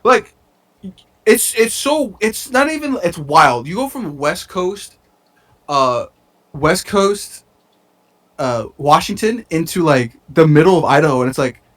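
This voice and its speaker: Young male podcast co-host, slightly high, animated, rambling casual chat. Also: measured pace. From United States. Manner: excitable, rambling, swears a lot. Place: bedroom.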